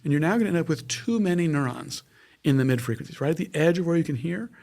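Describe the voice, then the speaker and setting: A man's voice: a little high, expressive, fast talker, gravelly, a little mellow. A man, a neuroscientist guest, explaining his research in a casual interview, with frequent restarts and everyday analogies.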